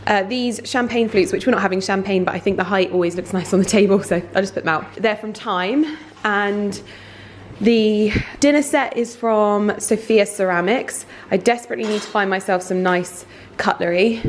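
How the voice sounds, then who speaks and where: A woman's voice: medium pitch, normal speed, slight background noise. A woman in her thirties, chatting casually with lots of fillers as she shows her home in a lifestyle vlog. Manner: chatty and enthusiastic, with many fillers. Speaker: lifestyle vlogger. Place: home, indoors and in a garden.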